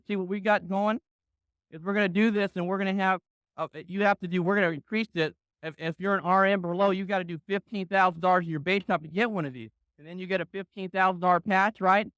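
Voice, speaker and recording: A man's voice: sits high, clean tone, no echo. A man giving a motivational talk to an audience, acting out phone calls as he tells his stories. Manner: animated storytelling, acts out phone calls. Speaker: motivational speaker.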